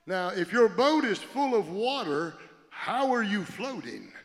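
A man with a fairly high voice preaches a sermon in a church, and the sound carries a long hall reverb. He swings between loud preaching and a hushed near-whisper. He keeps turning to the congregation and calling on them to respond. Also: very animated, unhurried. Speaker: pastor.

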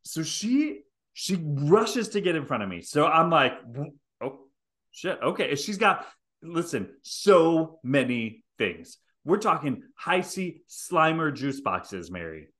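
This middle-aged man talks slowly, his voice a little high, as he hosts a podcast and spins a story. Profane and lively, he acts out the scenes and puts on voices throughout the chat.

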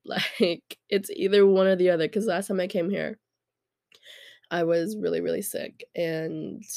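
A woman's voice: lowish voice, mellow, no room sound, studio quality. A young woman with a congested, stuffy voice, hosting a podcast and telling a story in a chatty way, often restarting her sentences. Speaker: podcast host. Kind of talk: casual storytelling monologue.

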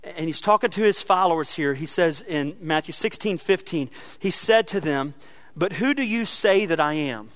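A man preaching a sermon as pastor, earnest, often repeating words and slowing down to stress a line. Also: on the high side, lively intonation, fairly bright tone, dry recording.

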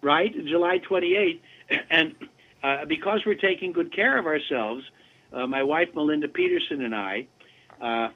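Animated older man on a tinny line. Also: on the high side, unhurried. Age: 70s. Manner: animated, chatty anecdotes. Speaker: guest voice actor. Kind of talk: casual interview storytelling.

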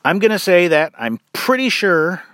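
A man hosts a laid-back Bible teaching podcast, trading jokey asides before reading scripture aloud in a steady way. His voice sits a little high for a man. The sound is dry, with no room echo. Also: moderate pace. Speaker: podcast host.

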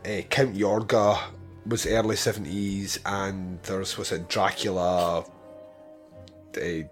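A man co-hosting a casual chat about old horror films, animated and laughing as he talks. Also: deep voice, slow pace, faint music behind. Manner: animated, laughing film talk. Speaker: podcast co-host.

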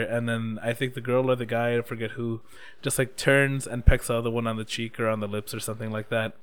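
A young man in casual chat recapping an episode, excitable and swearing freely. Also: medium pitch, smooth.

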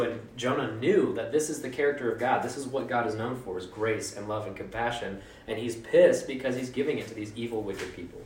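A man's voice: medium pitch, brisk, few pauses, a little mellow, slight background noise. Man preaching in a roomy hall. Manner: informal and joking, with mock voices for quotes. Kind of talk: casual conversational sermon. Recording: roomy echo, mic at a distance.

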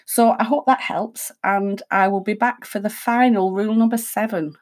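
A woman hosting a reflective self-help talk, speaking calmly and conversationally as she thinks aloud. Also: mid-range voice, moderate pace. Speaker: host.

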